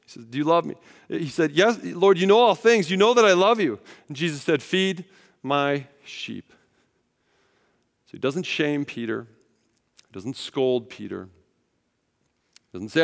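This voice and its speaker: Animated preacher man in a reverberant hall. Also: a little high, unhurried, creaky, pauses often. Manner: conversational, animated storytelling with acted-out quotes. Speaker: pastor. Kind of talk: sermon.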